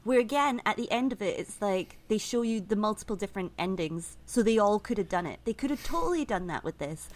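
Woman, podcast co-host, animated, casual film chat, mid pitch. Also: a little fast, hardly any pauses.

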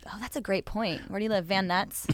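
A woman guest on a podcast, chatting casually with wry, deadpan jokes and frequent laughter. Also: medium pitch, fairly quick.

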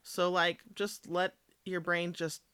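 A woman's voice: fairly low pitch, flat delivery, slow pace, a bit bright, clean tone, dry recording. Frank, casual woman in a dry close recording. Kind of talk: casual chat.

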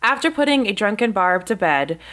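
A woman co-hosting a podcast, chatting excitably and laughing easily, then reading out a plot synopsis. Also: mid-range voice, fairly quick. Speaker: podcast co-host. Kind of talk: casual chat and reading a synopsis aloud.

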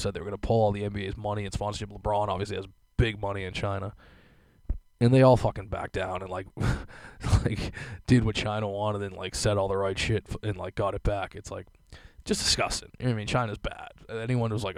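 A man's voice: on the low side, steady tone, fairly quick, vocal fry, dry recording. A young man hosting a podcast, ranting casually with lots of fillers and swearing. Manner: profane, rambling, filler-heavy. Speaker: podcast host. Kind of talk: casual rant.

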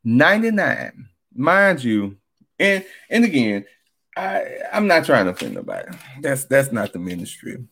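A vlogger in a casual commentary monologue, animated and exclamatory, swearing freely and cackling often. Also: mid-range voice, normal speed, creaky.

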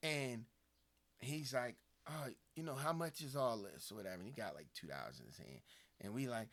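A man co-hosting a podcast, chatting casually and telling stories with lively acted-out quotes. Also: medium pitch, moderate pace. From Philadelphia area. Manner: animated storytelling, acts out quoted people. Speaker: podcast co-host. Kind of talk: casual conversation.

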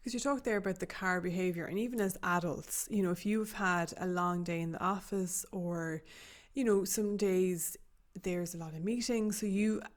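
A woman's voice: on the low side, normal speed. A woman hosting a conversation, asking long, rambling questions full of fillers. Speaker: podcast host. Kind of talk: casual chat.

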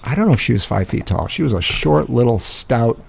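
A man's voice: medium pitch, very animated, a little fast, gravelly, slight background noise. A man telling a rambling, profane story in a casual podcast chat, often laughing. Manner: rambling, profane, laughs through his stories.

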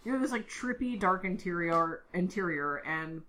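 Here a woman's lowish, animated voice moves at a moderate pace with a fairly bright tone. Co-hosting a podcast, she recaps an episode in casual, filler-heavy chatter.

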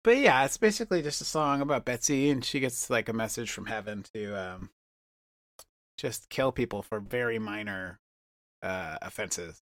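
A man co-hosting a comedy podcast, rambling through improvised bits and letting his words trail off into low murmurs. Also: expressive, moderate pace, fairly bright tone, no echo, studio quality.

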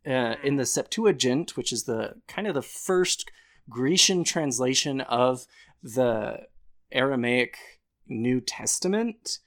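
A man's voice: medium pitch, expressive, slow pace, fairly bright tone. A man co-hosting a casual podcast chat, explaining things and often breaking into laughter. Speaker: podcast co-host.

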